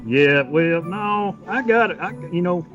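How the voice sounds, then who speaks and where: A man's voice: high voice, expressive, measured pace, muffled recording, soft background music. A man in his fifties with an East Texas accent, chatting easily as a guest and joking about himself. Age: 50s. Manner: easygoing, self-deprecating. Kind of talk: casual chat.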